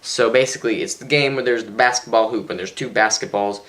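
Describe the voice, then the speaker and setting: Talking fast in a fairly low, slightly bright voice, a teenage vlogger rambles through his daily bedroom video. He sounds tired, chatty, and quick to mock himself.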